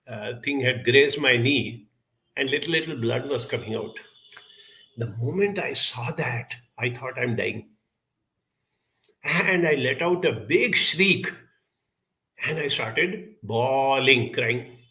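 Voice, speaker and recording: A man giving an earnest, reflective talk, telling a childhood story in a measured way with lively emphasis. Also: mid-range voice.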